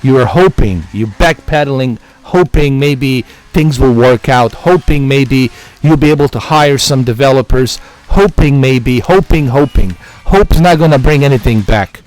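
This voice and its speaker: A man's voice: medium pitch, measured pace, few pauses, a little mellow. A man ranting heatedly as a gaming vlogger, swearing often and repeating his points in exasperation. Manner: profane, repetitive, exasperated. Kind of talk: heated rant to camera.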